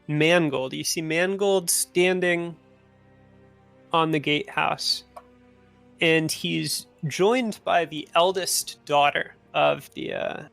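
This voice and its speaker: A man narrating a tabletop game as game master, in a relaxed, unhurried way with many fillers. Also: on the high side, vocal fry.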